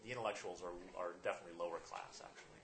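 A man's voice: low-pitched, wildly swooping pitch, very fast, gravelly, fairly bright tone, a little hiss or hum. A man narrating a tabletop game as game master, rambling with many fillers and restarts.

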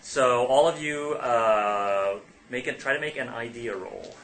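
A man narrating as game master of a tabletop game, halting often and correcting himself as he goes. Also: mid-range voice, a bit bright, a little hiss or hum. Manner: halting, with many fillers and self-corrections.

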